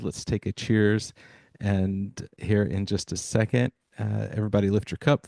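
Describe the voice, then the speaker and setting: Upbeat low-voiced male podcast host. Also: steady tone, moderate pace, vocal fry, darkish tone, dry recording. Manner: enthusiastic, hypes listeners, many fillers. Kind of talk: energetic podcast monologue.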